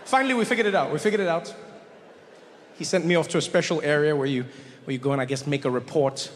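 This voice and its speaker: Stand-up comic, animated storyteller, higher voice, long hall echo. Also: male voice, fast, slight background noise. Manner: animated, conversational. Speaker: stand-up comedian.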